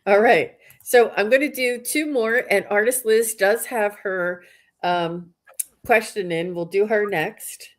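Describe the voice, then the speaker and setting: A woman's voice: medium pitch, takes it slowly. A woman hosting a live psychic reading stream, chatty and reading viewers' comments aloud.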